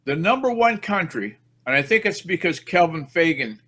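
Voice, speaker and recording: A podcast host with a fairly high, bright, very animated voice talks at a moderate pace. His casual chat is rambling and self-mocking, easygoing throughout.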